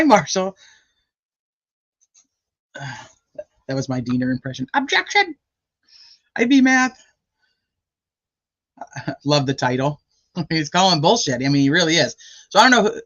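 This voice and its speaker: A woman hosting a casual live stream, rambling and greeting chat viewers by name. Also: sits low. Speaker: livestream host. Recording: dull lo-fi stream audio.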